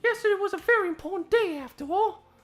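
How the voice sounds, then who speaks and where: A man's voice: very high-pitched, quick pace, a bit bright, faint music behind, voice pushed up. A man voicing a flamboyant, pompous woman prison warden in a game dub, with a sugary, theatrical delivery. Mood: gushing. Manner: grand, sugary, pompous delivery with fake airs.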